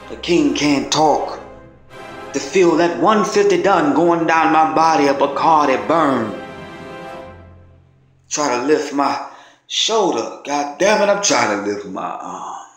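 A male poet performing his own spoken word piece with a measured, dramatic delivery. He takes his time over every line. The voice rings in a roomy space, with soft music underneath. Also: medium pitch. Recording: roomy echo. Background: faint music.

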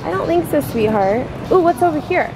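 A woman's voice: sits high, lively intonation, fairly quick, over music. A young woman vlogging with her kids, chatty and playful, laughing often, filmed on a handheld camera. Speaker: vlogger mom. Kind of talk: casual family vlog. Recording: loud crowd and street noise.

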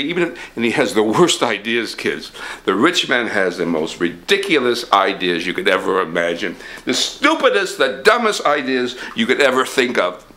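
A man hosting a comic children's show, rambling excitedly and talking straight to the kids. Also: lowish voice. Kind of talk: comic puppet-style kids' show patter.

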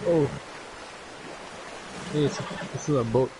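A young man playing a video game with a friend, swearing and reacting out loud to what happens. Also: mid-range voice, slow pace, background noise. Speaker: gamer. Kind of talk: casual gaming chat.

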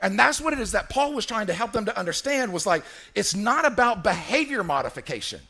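A man's voice: high voice, very animated, fairly quick, creaky, sharp tone, slightly rough. A man preaching a sermon as pastor in a church, emphatic and repetitive, calling on the congregation to answer him.

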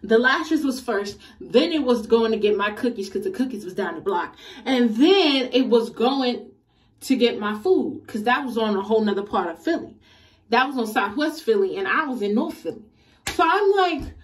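A young woman vlogger telling a casual storytime in an animated, slangy, exasperated way. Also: a little high, moderate pace, recorded from a distance.

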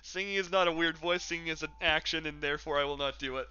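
A man's voice: a little high, steady tone, fast, pushed and bright, smooth, dull audio. A man streaming a game and chatting casually with his chat in a rambling, jokey way, laughing often. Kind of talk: casual live-stream chat while gaming.

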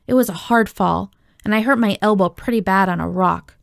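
A woman reading a children's novel aloud, telling the story in a steady, expressive way. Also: medium pitch, brisk, vocal fry, no echo, studio quality. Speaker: audiobook reader.

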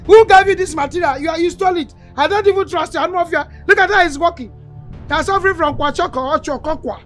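High-voiced, scornful village woman with a Nigerian accent, hurling loud insults. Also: fast talker, soft background music. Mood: mocking scolding. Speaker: villager scolding an old man. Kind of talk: Nollywood film acting.

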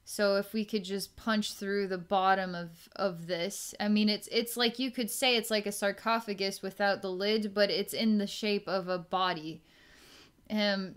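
A woman giving a psychic healing session, musing slowly and trailing off with fillers. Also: medium pitch, clear, resonant tone. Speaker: psychic energy healer.

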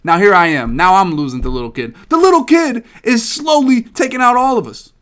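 A man's voice: high-pitched, brisk. A man hosting a gaming podcast, talking casually with a lot of swearing and rambling stories. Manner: profane, rambling, animated storytelling. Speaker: podcast host.

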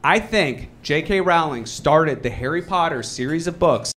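A man doing a live stand-up set, talking in an animated way and jumping into loud mock voices when he quotes people. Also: on the high side, normal speed. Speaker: stand-up comedian. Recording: live club recording with audience noise. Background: audience laughter.

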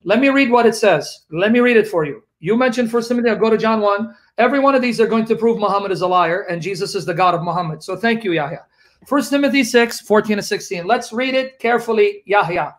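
A man's voice: high-pitched, expressive, quick pace. A man debating heatedly, accusing his opponent of lying and reading scripture aloud to refute him. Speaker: Christian debater.

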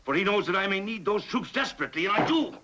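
An actor playing a cunning, stern middle-aged king and father, who talks in a husky, commanding voice and questions with scorn, in a 1950s epic film. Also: high-pitched, lively intonation, fast talker, background noise. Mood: impassioned. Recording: dull lo-fi 1950s film soundtrack.

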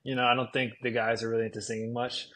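A young man guesting on a baseball podcast, easygoing and quick to laugh, with short replies. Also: medium pitch, level tone, pushed and bright. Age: young adult. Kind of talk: casual interview chat.

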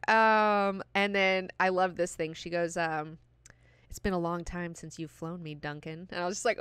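Bright, clear-voiced woman gushing over a book. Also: on the low side, brisk, no room sound. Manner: excited, profane retelling with mock character voices. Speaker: book club host. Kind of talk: casual book discussion.

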